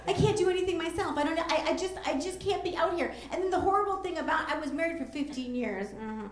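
On stage at a comedy club with a handheld mic, a comic in her forties rattles through a brash, meandering set in an extremely high voice, talking quickly with few pauses and leaping into squealy voices. The room echoes with audience laughter.

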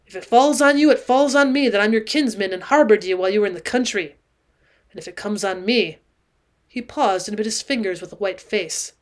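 A woman's voice: mid-range voice, animated, normal speed. A woman teacher reading a classic adventure novel aloud as an audiobook, voicing the characters' lines with extra emphasis.

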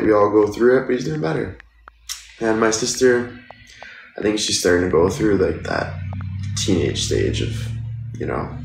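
A man's voice: fairly low pitch, vocal fry, reverberant. Chatty young man live-streaming. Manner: chatty, thanks viewers for gifts one by one. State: sore and tired. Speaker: livestreamer. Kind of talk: casual live-stream chat.

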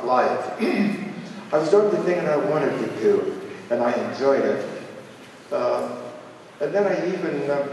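A man in his seventies from Ohio, telling folksy stories at a charity fundraiser in a halting, rambling way with many filler sounds. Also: mid-range voice, a little mellow, a little hiss or hum. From Ohio, USA. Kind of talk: folksy personal storytelling. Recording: echoey hall, distant mic.

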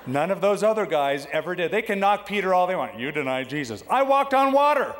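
A man preaching a sermon as pastor, lively and conversational, acting out the voices he quotes. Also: fast talker, slight background noise. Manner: animated, acts out quoted voices with big pitch jumps. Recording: long hall reverb.

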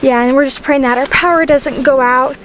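A woman's voice: high voice, steady tone, a little fast, background noise. A woman vlogging outdoors in the snow on a homestead with a handheld camera, bubbly and exclamatory, laughing often. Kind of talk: casual vlog narration.

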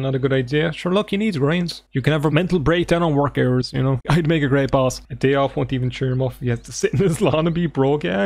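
Sweary Irish man with a higher voice. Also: creaky. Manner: sarcastic, sweary, deadpan asides. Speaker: gaming streamer. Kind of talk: let's play commentary.

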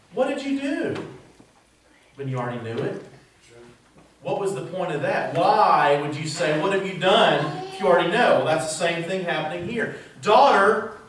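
A man's voice: high voice, a bit bright, slight background noise. A male pastor preaching a sermon in a church, asking the congregation rhetorical questions. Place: church sanctuary. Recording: very echoey church heard from a distance.

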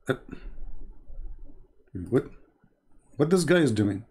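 A man's voice: a little high, expressive, normal speed, pauses often, a little mellow, slight background noise. A man hosting a live stream, mocking and laughing in broken English as he comments on a video. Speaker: livestream host.

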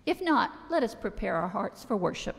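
A woman with a loud voice leading the welcome and announcements in a church service, talking informally with fillers and restarts. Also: mid-range voice, very animated, moderate pace, vocal fry, loud music behind the voice. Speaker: church worship leader. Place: church sanctuary. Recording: long church reverb.

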